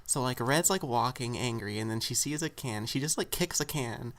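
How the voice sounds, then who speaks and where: A woman co-hosting a casual film podcast, retelling scenes with lively, laughing energy. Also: rumbling low, normal speed. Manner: animated retelling, acting out characters. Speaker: podcast co-host. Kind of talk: casual chat.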